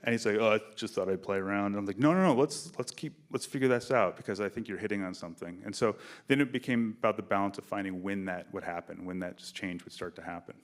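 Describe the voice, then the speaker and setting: A fairly low-voiced film director tells behind-the-scenes stories quickly and with few pauses during a festival Q&A interview onstage in a theater before an audience. Relaxed and animated, he launches into quoted lines and acts out the dialogue.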